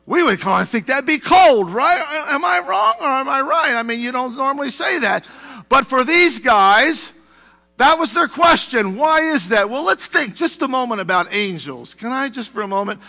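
A man's voice: very high voice, very animated, moderate pace, creaky, few pauses, sharp tone, long reverb tail. A male pastor preaching a sermon in a church, talking conversationally with asides to the congregation. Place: church sanctuary.

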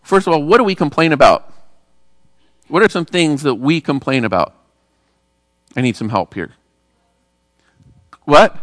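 Male pastor, conversational sermon, higher voice, dry close sound with long hall reverb. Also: animated, a little slow, long pauses, a bit bright. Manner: conversational preaching with rhetorical questions.

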